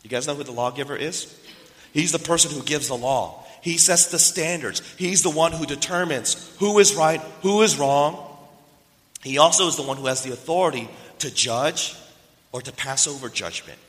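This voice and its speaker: Man preaching with a bright tone in a reverberant hall. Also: on the high side, moderate pace. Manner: storytelling, asks the listeners questions. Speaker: pastor. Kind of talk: sermon.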